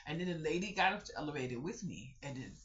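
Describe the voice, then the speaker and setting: A vlogger telling a personal story in a casual storytelling vlog, chatty and animated, talking straight to viewers and repeating the same catchphrase. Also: medium pitch, quick pace. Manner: animated storyteller, repeats "I kid you not", acts out others' voices; chatty, addresses viewers directly. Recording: dull lo-fi recording.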